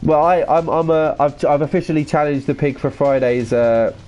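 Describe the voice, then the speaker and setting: A man, chatting casually as a live streamer, reacting excitedly and reading viewer comments aloud. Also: on the high side, normal speed, highs cut off, slight background noise. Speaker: gaming streamer.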